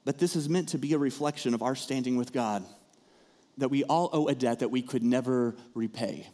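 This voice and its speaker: A man preaching a sermon as pastor, talking in a conversational way and turning lively when he acts out the people in the story. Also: mid-range voice, fairly quick. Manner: conversational, animated when acting out characters.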